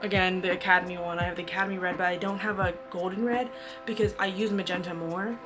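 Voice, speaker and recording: A woman's voice: on the low side, steady tone, fast talker, music in the background. Chatty young woman painter vlogging. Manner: chatty, rambling, lots of "like" fillers. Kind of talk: casual vlog chat. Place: home art studio.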